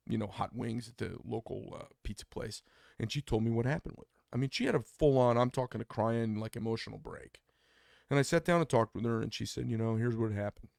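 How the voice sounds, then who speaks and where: A man tells a story on a podcast in a blunt, opinionated way and acts out the people in it. His voice is gravelly at a medium pitch, recorded dry and close. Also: darkish tone, no room sound. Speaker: podcast co-host. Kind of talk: casual storytelling chat.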